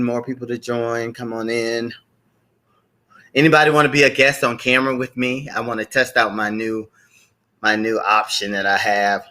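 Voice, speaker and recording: A man's voice: mid-range voice, sharp tone. A man hosting a live stream show, chatting casually, greeting viewers by name and repeating his welcomes.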